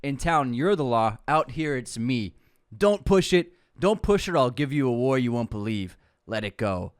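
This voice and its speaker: A man reading the threats of a hardened action-film soldier in a low, gruff voice. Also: big pitch swings, moderate pace, dry recording, studio quality, close to an everyday voice. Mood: threatening. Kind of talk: movie quote reading.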